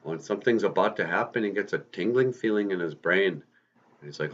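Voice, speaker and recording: A man's voice: sits low, lively intonation, normal speed. A man, a podcast host, telling a story to kids in a casual, folksy way with rambling asides. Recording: slightly muffled lo-fi recording.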